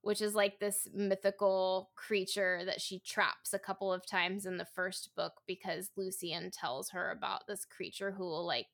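A young adult woman co-hosting a podcast, chatting loosely with many fillers. Her voice is bright and forceful at a middle pitch. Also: level tone, unhurried, few pauses. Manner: chatty, full of fillers like "like" and "you know". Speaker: podcast co-host. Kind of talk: casual book discussion.

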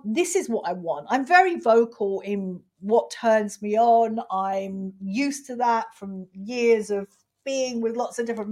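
A woman in her fifties from England telling a frank personal story, expressive and outspoken, acting out quoted exchanges. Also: on the high side. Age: 50s. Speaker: podcast host.

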